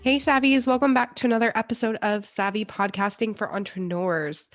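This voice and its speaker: A young woman with a congested, cold-stuffed voice hosts her podcast solo. She talks in a chatty, upbeat way with small laughs, at an ordinary pitch. Her voice sounds dry and close to the mic. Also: fairly even intonation, fairly quick, no room sound, soft background music. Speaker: podcast host. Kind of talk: casual solo podcast talk.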